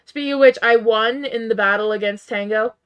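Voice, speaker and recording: Chatting with her live chat as she plays, a woman streamer sounds strained and worn from losing. She responds to viewers and keeps jumping into high, disbelieving outbursts. Her pace is fairly quick and her tone clean, though the recording is muffled.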